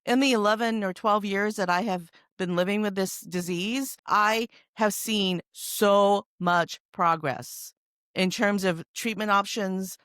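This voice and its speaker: A middle-aged woman hosting a podcast, chatting casually and telling stories in an animated, emphatic way. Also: mid-range voice, unhurried, clear, resonant tone, no room sound, clean studio sound. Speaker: podcast host. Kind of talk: casual conversation.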